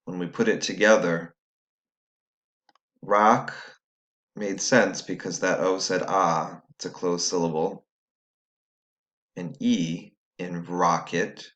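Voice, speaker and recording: A man's voice: sits low, fairly bright tone. A man teaching a recorded phonics lesson, patiently explaining step by step to students at home.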